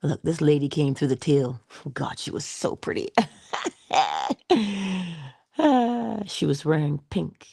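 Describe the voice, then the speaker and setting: A woman giving a spiritual motivational talk in a soft-spoken way, often dropping into whispers, with playful, affectionate asides. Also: sits low, lively intonation, slow, gravelly, pauses often, slightly rough, no echo, studio quality. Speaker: inspirational speaker.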